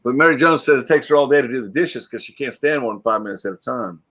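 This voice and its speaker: A man hosts a relaxed live stream, talking in a loose, rambling way as he greets viewers and reacts to their comments. His voice sits at an ordinary middle pitch. He sounds like he only just woke up. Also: fast talker, dull audio, a little hiss or hum. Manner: chatty, reads viewer comments aloud and answers them. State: groggy, freshly woken. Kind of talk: casual live stream chat.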